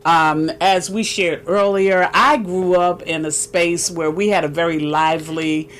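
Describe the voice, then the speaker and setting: A woman's voice: fairly low pitch, fairly even intonation, measured pace. A woman guest author in a casual talk show interview, telling stories about her parents and quoting her father's sayings. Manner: warm storytelling, quotes her father's sayings.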